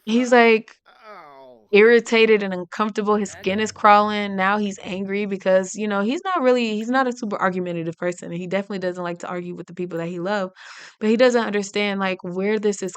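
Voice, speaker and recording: A woman's voice: medium pitch, steady tone, a little fast, clean tone, dry recording. A woman giving casual, chatty commentary while playing a life-sim game, narrating her characters' feelings and giggling often. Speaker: gaming channel host. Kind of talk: casual let's play commentary.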